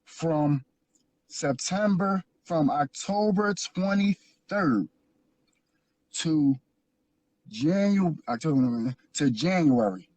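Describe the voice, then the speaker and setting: A man's voice: a little high, expressive, slow pace, long pauses, a little mellow. A man from Philadelphia telling his life story as an interview guest, earnest and repetitive, building into preaching. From Philadelphia, USA. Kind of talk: emotional personal testimony.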